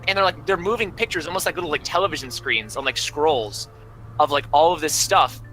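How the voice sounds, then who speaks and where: A man's voice: fairly high pitch, a little fast, fairly bright tone, slight background noise, rough recording. A young man narrating as game master, rambling through descriptions with many fillers.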